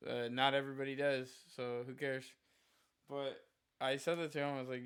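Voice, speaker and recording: A man streaming live rambles through a rant in a bright, sharp voice. His tone is crisp and clear, and his talk is casual and profane, laced with constant "like" fillers. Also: mid-range voice, little pitch movement, moderate pace.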